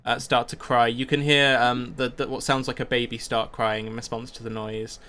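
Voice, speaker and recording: A man's voice: mid-range voice, level tone, normal speed, bright, forceful tone, clear, resonant tone. A man narrating a tabletop role-playing game as game master, describing each scene in detail.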